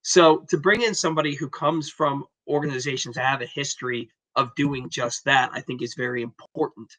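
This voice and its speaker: A man's voice: mid-range voice, fairly even intonation, fairly quick, bright, forceful tone, poor audio. A man co-hosting a sports podcast, talking casually and with animation.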